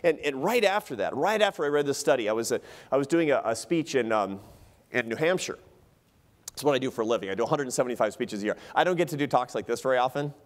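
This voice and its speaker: Man, lecture in a hall, lively swooping intonation, mid-pitched voice, humorous storytelling. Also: fast. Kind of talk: public lecture.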